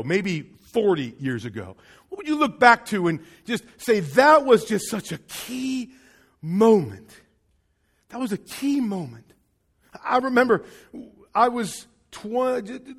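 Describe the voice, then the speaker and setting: A man preaching a sermon in an earnest, repetitive way, dropping to a near whisper at moments. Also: high-pitched.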